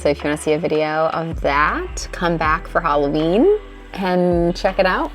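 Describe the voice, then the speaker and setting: A woman artist talks through her projects in a loose, rambling way, filling her sentences with casual asides. Her voice sits a little low. The setting is a small indoor studio, with faint music playing underneath. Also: a little slow. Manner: chatty, rambling, with frequent "like" fillers. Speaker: artist and channel host. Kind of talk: casual chatty studio tour vlog. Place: small tiny-house art studio, indoors.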